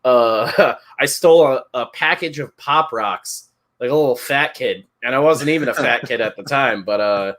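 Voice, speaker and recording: A man in his thirties talking in a loose, rambling way, swearing freely and laughing through his own stories. His voice sounds bright and forward. It has the easy feel of a casual podcast chat. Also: medium pitch, normal speed. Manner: rambling, profane, laughs while telling stories. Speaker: podcast co-host.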